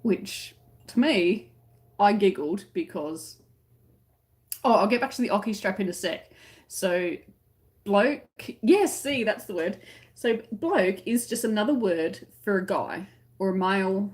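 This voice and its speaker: A chatty Australian woman on a relaxed livestream, reading out viewer comments and explaining everyday words. She talks in a loose, giggly way, pitched in the middle for a woman. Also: unhurried. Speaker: crochet livestream host.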